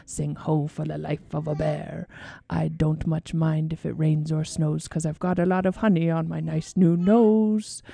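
Sweet dim teddy bear guy, singsongy and earnest, dark husky voice, lady reading it. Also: sits low, no room sound, heavily acted. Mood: singing. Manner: humming, singsong, simple and earnest. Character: gentle, slow-witted male teddy bear, cheerful.

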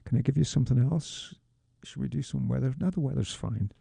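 A man's voice: mid-range voice, a little fast, gravelly, dark tone, breathy edge, no room sound. A man working as a radio DJ, chatting casually between songs in a small studio and joking to himself as he reads out the tracks. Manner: chatty, jokey, talks to himself. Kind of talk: casual radio back-announcing. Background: music playing underneath.

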